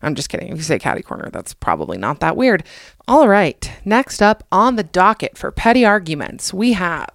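A woman's voice: fairly low pitch, big pitch swings, moderate pace, gravelly, no echo, studio quality. A young adult woman from the United States hosting a podcast, chatting casually with jokey, self-deprecating asides. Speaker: podcast host. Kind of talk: casual comedic monologue.

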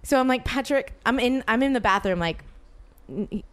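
At a normal pace and slightly high pitch, a young woman casually retells a long, meandering story to her co-host. The telling is animated and filler-heavy, with plenty of quoted dialogue.

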